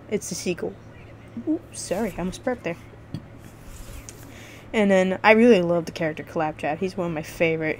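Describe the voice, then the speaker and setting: A woman's voice: on the low side, slight background noise. A woman vlogging casual game reviews, rambling and swearing freely with lots of restarts.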